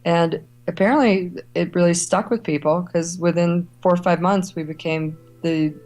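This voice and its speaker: Faint music plays behind a woman whose voice sits on the low side at a moderate pace. She's a middle-aged travel writer and editor from Ohio and Kentucky, a guest in a conversational interview, acting out quoted voices as she tells stories animatedly.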